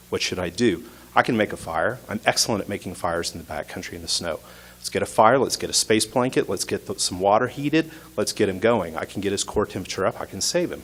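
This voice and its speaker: Lowish voiced guy telling a story live on stage, tense punchy short sentences. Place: stage at an arts center.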